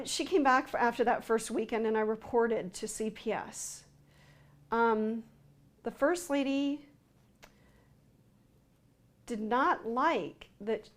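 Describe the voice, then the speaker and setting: Woman telling her story in an interview, kinda high voice, lots of ums and restarts. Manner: halting, with frequent fillers and restarts. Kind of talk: personal account in an interview.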